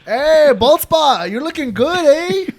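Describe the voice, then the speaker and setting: Young man doing a drawn-out mock Spanish-accented greeter. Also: very high-pitched, very animated, creaky, a little mellow, pitched above the performer's own voice, heavily acted. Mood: jovial. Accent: put-on Spanish accent. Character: jovial man greeting buddies by teasing nicknames.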